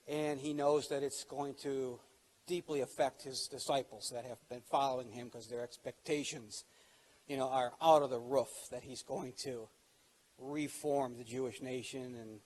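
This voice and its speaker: A man's voice: medium pitch, steady tone, measured pace, a little mellow. A middle-aged man, a pastor, preaching a sermon in a conversational way, lifting his voice when he quotes scripture.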